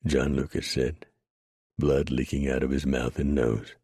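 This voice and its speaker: A man reading a western novel aloud in a steady, measured narration. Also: rumbling low, breathy edge, dry recording, clean studio sound. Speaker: audiobook narrator. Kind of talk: scripted narration.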